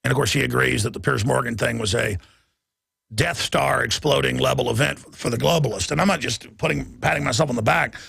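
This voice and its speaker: Raspy radio host guy rambling fast, dry close mic. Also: medium pitch, no echo. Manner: emphatic, fast, repeats words when excited. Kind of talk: rambling talk radio monologue; read-out advertisement.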